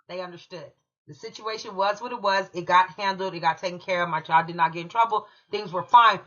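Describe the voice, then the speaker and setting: A woman's voice: on the low side, fairly even intonation, brisk, pushed and bright, highs cut off. A woman from California, a channel host telling a heated personal story in an emphatic, profane way. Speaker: true crime commentary channel host.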